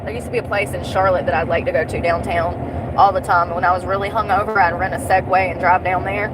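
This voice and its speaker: A young woman chatting while she drives, joking, rambling and laughing often. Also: medium pitch. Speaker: vlogger. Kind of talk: casual chat while driving. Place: inside a car. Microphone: phone. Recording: road and car noise. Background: car noise.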